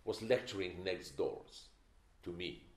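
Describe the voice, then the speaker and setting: A man's voice: low-pitched, takes it slowly. Older man lecturing, emphatic. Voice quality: opinionated, emphatic, wry storytelling. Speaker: film director giving a masterclass. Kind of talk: masterclass lecture. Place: lecture hall. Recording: echoey lecture hall.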